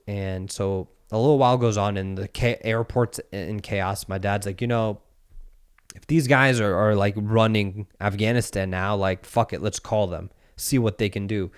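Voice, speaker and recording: A man's voice: on the low side, smooth. A man in his thirties hosting a podcast, telling a story casually and acting out the voices with some swearing. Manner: animated storyteller, acts out quotes, swears. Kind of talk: casual chat.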